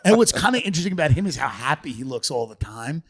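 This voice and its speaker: A man's voice: mid-range voice, quick pace, crowd noise. A man holds forth as a podcast guest, riffing in casual comedy and slipping into mocking impressions. His voice sits in an ordinary middle register. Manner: animated, mocking impressions of politicians.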